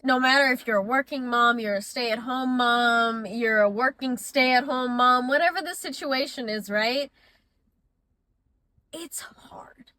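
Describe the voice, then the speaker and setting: A young mom vlogger speaks candidly about motherhood in a confessional vlog, chatty and emotional, sometimes nearly crying and sometimes laughing. Her voice is on the high side and sharp, at a normal speed with hardly any pauses, and there's no room sound.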